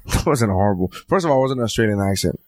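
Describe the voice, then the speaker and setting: A man's voice: fairly low pitch, animated, fast talker, darkish tone, no room sound, studio quality. A man, a comedian and podcast host, arguing back defensively and sarcastically in casual banter. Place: room with mics.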